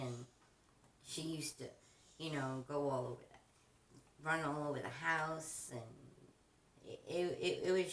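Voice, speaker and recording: A woman hosting a craft channel, chatting casually and rambling with frequent restarts while she crafts. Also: low voice. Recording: roomy, distant mic with faint noise.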